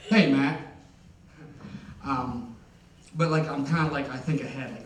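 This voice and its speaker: A man's voice: mid-range voice, unhurried, a little hiss or hum. A young man from Ohio doing a stand-up comedy set, rambling and self-deprecating, with lots of fillers. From Ohio, USA. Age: young adult. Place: concert venue on stage. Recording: echoey hall, heard from a distance.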